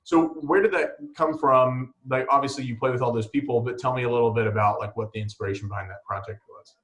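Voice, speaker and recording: A man hosting a casual interview over a call, chatty and relaxed, with lots of fillers. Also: mid-range voice, fast, poor audio. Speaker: podcast host. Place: home, on a call.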